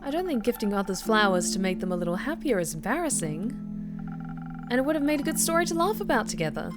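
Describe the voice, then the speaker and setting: Kind innkeeper, woman voicing, gentle and reassuring, close to her own voice. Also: on the high side, very animated, fast. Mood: comforting. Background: background music.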